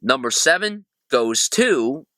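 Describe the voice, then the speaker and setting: A man's voice: medium pitch, sing-song, takes it slowly, background noise. A man hosting a casual movie-review vlog, talking sarcastically and animatedly, with swearing, while squeezed into a cramped storage closet. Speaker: film reviewer, channel host.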